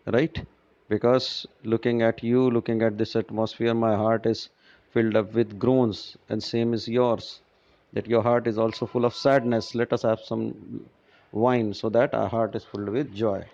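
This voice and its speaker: A man's voice: on the low side, level tone, measured pace, gravelly, darkish tone. A male teacher explaining a play line by line in plain words, often checking in with "right?". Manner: paraphrases each line, keeps asking "right?". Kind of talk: line-by-line literature lesson. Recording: dull lo-fi recording.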